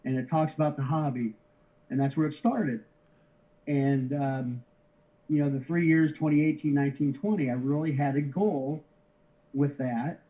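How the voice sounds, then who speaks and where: A middle-aged card shipper, appearing as an interview guest, tells his story in relaxed conversation, halting often and doubling back on his words with easygoing chuckles. His pitch is ordinary, and the slightly dull lo-fi audio sounds like a video call.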